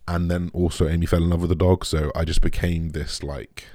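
A young man speaks in a very low, deep voice, recorded dry and close with no room sound. He talks candidly to his audience, emotionally shaken, halting and restarting his sentences and swearing freely. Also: completely flat delivery, warm tone, dry recording. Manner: raw, halting, swears often, many restarts and trailing off. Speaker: vlogger. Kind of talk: candid personal talk to camera.

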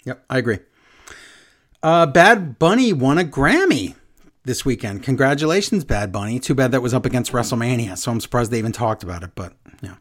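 A man casually recapping wrestling events for a co-host, acting out quotes with big jumps in his voice. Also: fairly quick. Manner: animated storyteller, acts out quotes with big pitch jumps. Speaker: podcast co-host.

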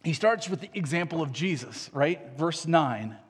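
A man's voice: a little high, lively intonation, moderate pace, slightly rough, long reverb tail. A man preaching a sermon as pastor, conversational and earnest, often checking in with "right?" and restarting his phrases.

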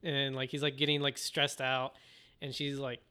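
A podcast co-host casually recaps an anime episode, rambling through the story and acting out the characters' lines. His mid-range voice is clear, bright, resonant and pushed, delivered flatly at a normal speed.

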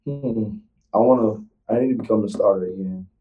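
A young man, a college football player, answering interview questions in a halting, casual way, often restarting his sentences. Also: on the low side, narrow, tinny audio. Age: young adult.

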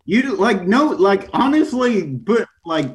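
A man co-hosting a podcast in casual chat, mostly agreeing and slipping in quick jokes. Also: sits high, sing-song. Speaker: podcast co-host.

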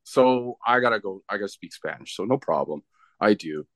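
A man's voice: lowish voice, expressive, normal speed, a bit bright, no echo. A man from Canada, a wrestler being interviewed, telling a story in a rambling, casual way with many restarts. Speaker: professional wrestler, guest.

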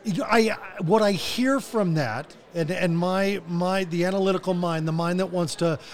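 A man's voice: high-pitched, moderate pace. A man hosting a podcast interview, thinking aloud and often repeating words as he searches for them. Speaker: podcast host. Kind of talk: casual interview.

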